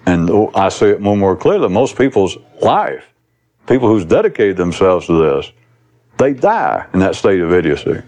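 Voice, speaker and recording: A man's voice: deep voice, big pitch swings, moderate pace, darkish tone. A man giving a recorded spiritual talk to an audience, rambling and blunt, swearing casually as he teaches.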